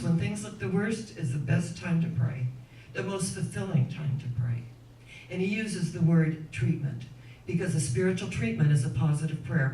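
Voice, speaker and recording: A woman's voice: fairly low pitch, a little mellow. A middle-aged woman minister preaches in an earnest, storytelling way and builds her points into rhythmic lists. She is picked up from a distance in a roomy, echoing church. A faint hiss sits under her voice. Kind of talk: sermon. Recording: echoey room, distant mic, faint noise.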